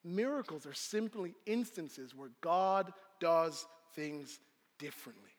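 A man preaches with a high, bright voice, acting out the scene he describes. His words ring through a large room with a long reverb trailing behind them. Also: slow. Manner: animated storyteller, acts out scenes. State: out of breath. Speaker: pastor. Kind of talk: sermon.

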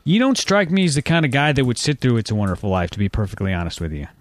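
A man's voice: mid-range voice, big pitch swings, racing, no echo. A man hosting a casual movie-quote quiz among friends, crude and joking. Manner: crude, joking, reads quiz lines aloud. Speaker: quiz host. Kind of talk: casual podcast banter.

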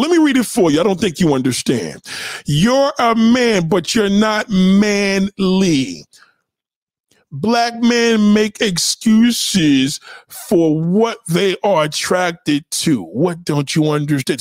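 A man with a high, very lively voice rants to his livestream chat, blunt and full of profanity. He repeats his points again and again for emphasis. The sound is dry and close, with no room around it. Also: dry recording. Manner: blunt, profane, animated ranting. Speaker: livestream host reacting to chat. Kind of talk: unscripted livestream commentary.

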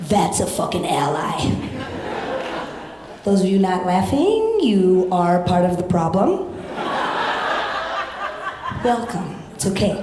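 A woman's voice: on the low side, very animated, very noisy. Brash young woman doing stand-up. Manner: brash, profane and quick to shout punchlines. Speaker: stand-up comedian. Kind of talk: stand-up comedy set. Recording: echoey live club.

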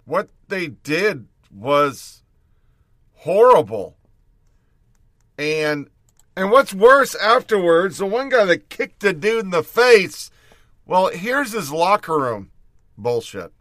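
A man's voice: high-pitched, very animated, takes it slowly, pauses often, a bit bright, no echo, clean studio sound. A man in his thirties hosting a show with blunt, casual commentary and frequent filler words. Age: 30s. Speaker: show host.

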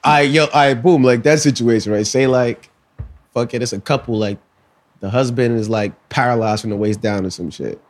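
A man's voice: medium pitch, moderate pace. A man co-hosting a podcast, chatting casually and posing crude hypotheticals. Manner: poses hypotheticals, acts out quotes. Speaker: podcast co-host. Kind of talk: casual chat.

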